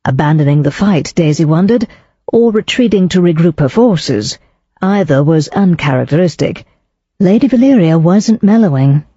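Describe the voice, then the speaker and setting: A woman narrates a cozy mystery in a measured, storytelling voice. Her tone is mellow and slightly husky. The recording is dry and a little dull. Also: lowish voice, expressive, dry recording. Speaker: audiobook narrator. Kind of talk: scripted narration.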